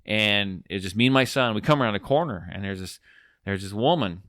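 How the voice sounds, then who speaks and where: A man's voice: fairly low pitch, fairly quick, no room sound, studio quality. A man in his forties, a podcast host, telling a long story in casual chat, rambling with lots of restarts. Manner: rambling, animated, restarts often.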